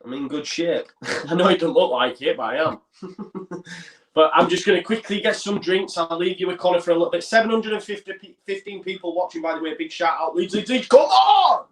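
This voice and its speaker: A man's voice: sits high, brisk. A man co-hosting a football fan watchalong, chatting casually and calling the play as it happens. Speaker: co-host of a fan watchalong stream. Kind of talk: casual live match chat with commentary. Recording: roomy echo.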